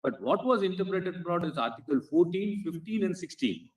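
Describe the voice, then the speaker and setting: A man with an Indian English accent, an advocate making a formal courtroom argument and calling the judges "Lord" in almost every phrase, with halting restarts. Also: high-pitched, expressive. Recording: echoey courtroom, speaker far from the mic.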